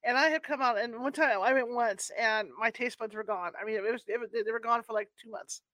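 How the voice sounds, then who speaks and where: Fast-talking woman interviewer. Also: a little high, pushed and bright. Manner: quick, chatty reactions and short anecdotes. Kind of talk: casual interview chat.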